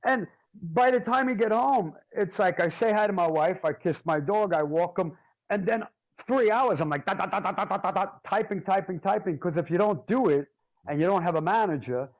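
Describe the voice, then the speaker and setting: A male drummer spins stories in a loose, joking way and swears as he goes. His voice sits a bit high for a man. The recording sounds dull and lo-fi. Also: normal speed. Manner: animated, jokey, swears freely. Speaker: drummer, interview guest. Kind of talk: casual storytelling.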